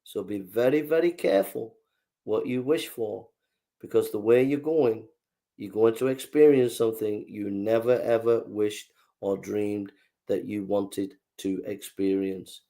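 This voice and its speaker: Gravelly, fiery podcast host. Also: male voice, fairly low pitch, a little slow, dark tone. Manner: emphatic, fiery, repetitive. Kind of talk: impassioned political monologue.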